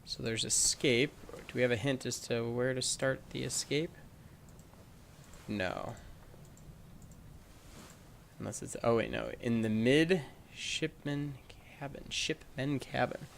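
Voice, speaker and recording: A man's voice: mid-range voice, vocal fry, a little hiss or hum. A man playing a mystery video game and thinking aloud, unsure and musing as he goes. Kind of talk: let's play commentary.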